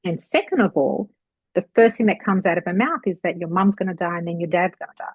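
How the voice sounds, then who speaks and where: A woman with a low, husky voice tells a long chatty story in a relaxed podcast conversation. She rambles and jumps into quoting others along the way. The recording is close and dry. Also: quick pace, dry recording, poor audio. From Australia. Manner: chatty, rambling, animated retelling with acted quotes. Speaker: psychic medium guest. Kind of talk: casual storytelling chat.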